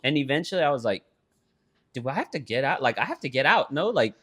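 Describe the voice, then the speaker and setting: Mid-range and quick, this young man's voice comes with a slight hiss or hum. Co-hosting a podcast alongside his sister, he tells an animated, casual story full of profanity.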